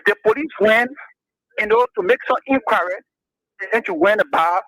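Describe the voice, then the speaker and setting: A man's voice: high-pitched, moderate pace, pushed and bright, no echo, low-quality recording. A man with a Liberian accent calling in to a radio talk show and arguing his point, repeating himself as he goes. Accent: Liberian English. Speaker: caller. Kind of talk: call-in radio opinion.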